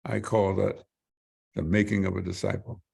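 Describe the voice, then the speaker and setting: Low-pitched, creaky, and slightly rough, this older man speaks at a moderate pace as a guest in an interview. He's an animated storyteller who acts out quotes from other people, occasionally repeating words as he hunts for the right one.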